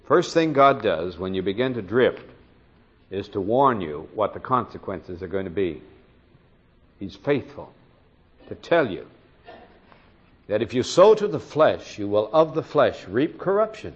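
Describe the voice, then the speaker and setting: A man's voice: lowish voice, lively intonation, normal speed, dull audio. A man preaching an expository sermon as pastor, impassioned and swelling to cries in pleading passages.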